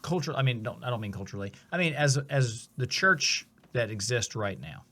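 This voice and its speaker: An earnest man talks through faith on a podcast. His voice sits at an ordinary pitch. He is reflective and often restarts his thoughts. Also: expressive, a little fast, pushed and bright. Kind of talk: casual faith discussion.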